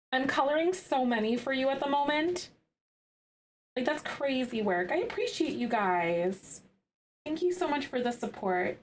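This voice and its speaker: A woman streaming live, chatting casually with lots of fillers and bursts of excitement. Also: on the high side, slight background noise.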